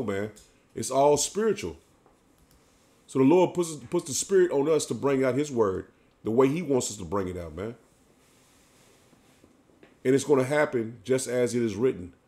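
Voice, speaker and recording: Preacher, male, emphatic and insistent, tags lines with "man", mid-pitched voice. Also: a little mellow. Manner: emphatic, ends phrases with "man". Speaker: street preacher. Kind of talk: preaching sermon.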